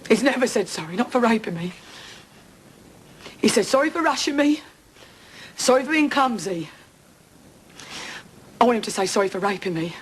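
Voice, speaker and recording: A woman's voice: on the high side, lively intonation, moderate pace, long pauses, a little hiss or hum, close to an everyday voice, rough recording. An actress playing a distraught woman in her thirties confronting the man who attacked her, bitter and sarcastic in a TV drama. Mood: furious. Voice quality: bitter, sarcastic, then breaking down. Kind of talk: television soap drama acting.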